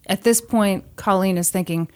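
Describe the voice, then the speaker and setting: A woman with a medium-pitched voice talks at normal speed as she hosts a podcast. In casual conversation she narrates an eerie true story, bringing it to life by acting out the voices of the people in it.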